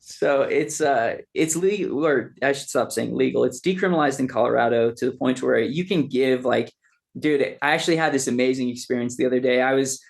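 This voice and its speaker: Gravelly laid-back storytelling man. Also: mid-range voice, fairly quick. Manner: animated storyteller, says "dude" and "man" a lot. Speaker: podcast guest. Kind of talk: casual podcast chat.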